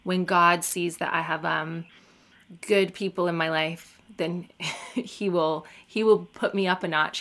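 A woman's voice: fairly low pitch, steady tone, unhurried, a bit bright. A woman in her thirties with a General American accent, hosting a podcast and chatting casually, full of self-mocking asides. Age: 30s. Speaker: podcast host and comedian.

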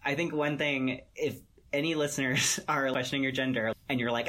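A man speaking earnestly in a relaxed, casual podcast-style chat. His voice sits at an everyday middle pitch, and his sentences run long and loose, strung together with "like" and "you know". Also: normal speed, few pauses. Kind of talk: casual conversation.

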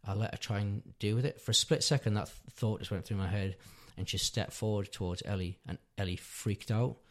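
Earnest dad telling a story. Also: male voice, fairly low pitch, a little fast. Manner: rambling, self-correcting, earnest. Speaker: podcast guest, father. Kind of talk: casual storytelling chat.

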